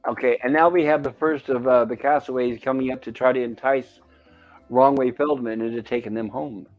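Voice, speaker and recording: A man's voice: medium pitch, fairly even intonation, a little fast, soft background music. Man narrating a show in lo-fi sound. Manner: narrates scenes and reads quoted lines aloud. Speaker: show host. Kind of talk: casual episode commentary.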